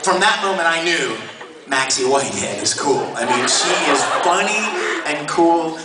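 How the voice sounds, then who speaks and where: Lively man telling stories on a panel. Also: a little high, moderate pace, a loud crowd. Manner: lively, enthusiastic, laughs while telling stories. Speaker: voice actor guest on a convention panel. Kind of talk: animated storytelling to an audience. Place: convention panel hall. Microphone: handheld camera in the audience. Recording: echoey hall recorded from far off, noisy.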